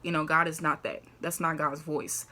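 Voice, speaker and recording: Young woman vlogger, casual faith talk, chatty and loose, low-ish pitch, bright edge. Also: flat delivery, normal speed, a little hiss or hum. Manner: chatty, fills with "like" and "you know", laughs often.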